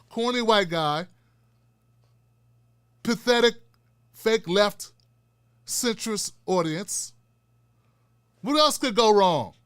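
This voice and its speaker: High-voiced, middle-aged man, solo commentary host, blunt and profane, dry close mic. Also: expressive, drawn-out words, long pauses, fairly bright tone, clear, resonant tone, no echo. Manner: blunt, emphatic and profane, with heavy repetition. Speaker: show host.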